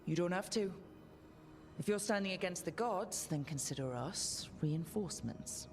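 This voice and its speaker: A woman's voice: on the low side, lively intonation, moderate pace, darkish tone, a little hiss or hum, lightly acted. A woman voicing a wary, blunt female warrior companion in a video game, speaking in terse commands. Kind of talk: game dialogue.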